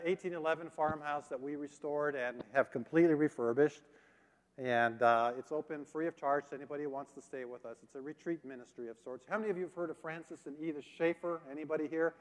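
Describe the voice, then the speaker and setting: A middle-aged man giving a sermon as a guest missionary speaker, telling folksy stories with drawn-out fillers. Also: fairly high pitch, darkish tone. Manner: folksy storytelling, drawling fillers. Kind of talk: sermon with a joke and slides. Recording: long hall reverb.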